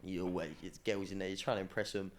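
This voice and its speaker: A young man, telling stories in a slangy, cheeky, animated way during a casual podcast chat. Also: deep voice, fast. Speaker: podcast guest, former academy footballer.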